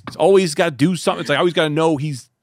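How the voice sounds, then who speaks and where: A man's voice: fairly high pitch, rapid-fire. A man hosting a podcast, chatting casually and animatedly about comedy gigs, with some swearing and put-on voices. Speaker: podcast host; stand-up comedian. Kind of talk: casual chat.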